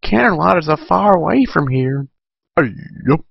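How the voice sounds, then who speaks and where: A man's voice: fairly high pitch, expressive, unhurried, gravelly, husky, no room sound, highs cut off, pitched above the performer's own voice, full character voice. A man playing a gritty farm mare. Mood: determined. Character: determined tough farm mare, loyal.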